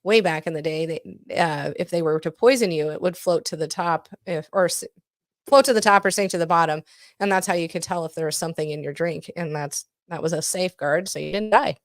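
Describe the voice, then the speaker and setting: A woman co-hosting a casual podcast, chatty and quick to laugh. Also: fairly low pitch, no room sound, clean studio sound. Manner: giggly, chatty, laughs often. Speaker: podcast co-host. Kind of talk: casual chat.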